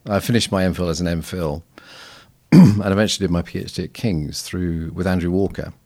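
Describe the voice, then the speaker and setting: A man's voice: deep voice, brisk, warm tone. A man, a guest on a podcast, telling stories reflectively with frequent restarts. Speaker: guest missiologist. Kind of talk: casual podcast conversation.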